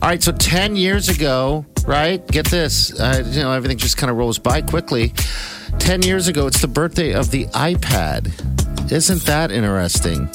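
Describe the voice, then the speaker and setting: Male morning show host, mid-pitched, lively and playful in his banter. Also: normal speed, music in the background. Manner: playful, jokey interjections. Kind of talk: casual radio banter.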